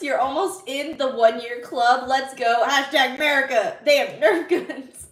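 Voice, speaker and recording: A woman's voice: high voice, normal speed, fairly bright tone, recorded from a distance. Bubbly, giggly woman streamer reading chat. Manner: bubbly, giggly, reads chat messages aloud. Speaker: live streamer. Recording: roomy sound, slightly off-mic.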